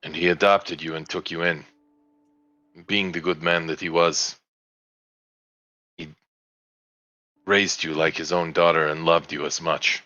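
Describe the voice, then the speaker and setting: A man voicing a grieving older village priest in a tabletop game, speaking in a solemn, measured way. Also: deep voice, little pitch movement, pushed and bright, no room sound, lo-fi sound.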